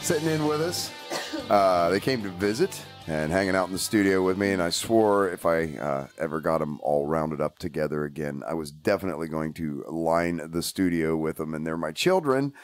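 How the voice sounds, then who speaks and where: Deep-voiced joking man hosting a podcast. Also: moderate pace, soft background music. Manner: joking, swears freely, rambling with many fillers. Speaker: podcast host. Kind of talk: casual family podcast chat. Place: home studio.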